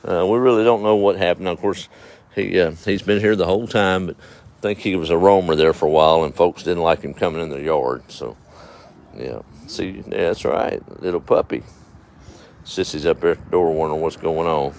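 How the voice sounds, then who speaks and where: A man's voice: deep voice, fairly quick, darkish tone. A middle-aged man, hosting a casual outdoor livestream and reading viewer comments in a folksy, drawling way with frequent chuckles. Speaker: livestream host. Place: outdoors at dusk. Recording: faint outdoor noise with passing vehicles.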